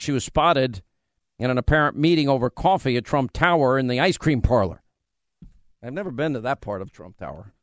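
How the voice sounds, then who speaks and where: A man's voice: mid-range voice, dry recording, clean studio sound. A man hosting a talk radio show, delivering an opinionated, sarcastic monologue. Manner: combative, sarcastic.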